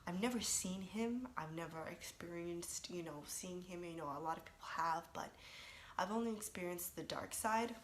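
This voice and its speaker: A young woman telling her personal religious testimony in a casual, emotional way, halting with restarts and often dropping to a breathy whisper. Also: lowish voice, slight background noise. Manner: drops to breathy whispers at intense moments. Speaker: vlogger sharing a personal testimony.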